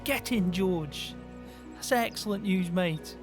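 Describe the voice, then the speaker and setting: A young man, chatting in character during a farming game roleplay, friendly and quick to cheer. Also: high voice, over music. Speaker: roleplay player. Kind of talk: casual in-character roleplay chat.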